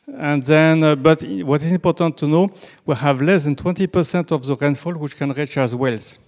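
A man with a French accent, a native French speaker, giving a slow, halting presentation with slides and frequent restarts. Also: a little high, a little mellow. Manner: halting, many restarts and fillers, deliberately slow. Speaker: presenter on groundwater.

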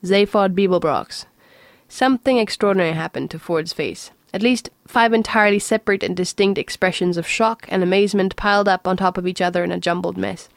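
A woman narrating a science fiction story in a steady, even reading voice. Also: medium pitch, fast, gravelly, few pauses, no room sound. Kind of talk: audiobook reading.

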